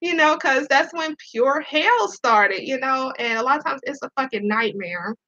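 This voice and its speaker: A woman talks frankly to her viewers, near tears as she repeats herself and sometimes swears. Her voice is bright and sits a little high. The sound is dull and lo-fi. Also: expressive, normal speed. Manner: candid, profane, repeats herself. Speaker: Navy veteran and police officer. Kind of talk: emotional personal storytelling to viewers.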